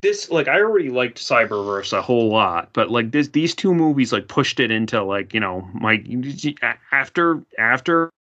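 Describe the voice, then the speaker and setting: A man co-hosting a podcast in a bright, forceful voice, chatting casually and leaning on "like" in almost every phrase. The recording is dull and lo-fi. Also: mid-range voice, big pitch swings, moderate pace, hardly any pauses. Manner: filler-heavy, says like constantly. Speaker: podcast co-host. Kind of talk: casual chat. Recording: dull lo-fi sound.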